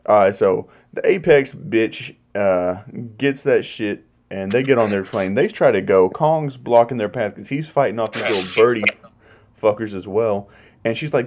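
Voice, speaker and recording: Man, movie reviewer, casual spoiler talk, heavy swearing, animated retelling. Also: mid-range voice, normal speed. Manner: profane, animated plot retelling.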